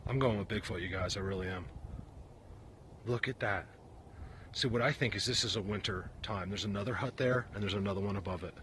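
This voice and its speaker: A man walks a mountainside with his camera and talks to his viewers with eager, breathless energy. His voice sits fairly low, and clear outdoor noise runs under everything he says. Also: fairly quick. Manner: animated, talks to viewers while filming. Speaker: vlogger. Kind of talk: excited outdoor vlog narration.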